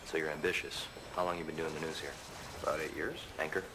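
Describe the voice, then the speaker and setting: An actor playing a skeptical TV detective who asks blunt, probing questions. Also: male voice, a bass voice, steady tone, fast talker, heavy background noise. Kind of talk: TV drama dialogue.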